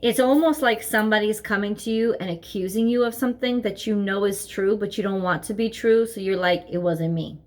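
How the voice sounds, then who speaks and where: A woman's voice: medium pitch, brisk, hardly any pauses, a little mellow. Lady doing a tarot reading from home, earnest, keeps repeating herself while she works it out. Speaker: tarot reader. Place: home, seated at desk with her dog nearby.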